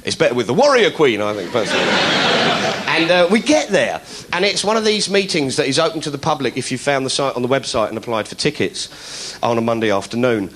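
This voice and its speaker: A man doing stand-up storytelling, animated and laughing, slipping into high voices to mimic people. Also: a little fast, slight background noise. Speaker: stand-up comedian.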